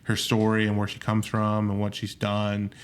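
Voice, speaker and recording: Earnest man hosting a podcast, lower voice. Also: completely flat delivery, moderate pace. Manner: earnest, steering the conversation, some restarts. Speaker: podcast host. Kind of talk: casual chat.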